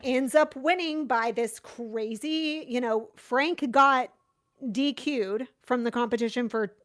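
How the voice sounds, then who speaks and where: A woman hosting a podcast in casual chat, dramatic and self-deprecating, talking in quick bursts over a remote call. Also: fairly high pitch, fairly bright tone. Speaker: podcast host. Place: home studio on a remote call.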